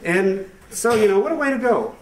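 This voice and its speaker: A young man doing a rambling stand-up comedy routine with hesitant fillers and deadpan asides to a live audience. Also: high voice, moderate pace. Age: young adult. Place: live show venue with audience. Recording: echoey room, far from the mic, noisy amateur recording.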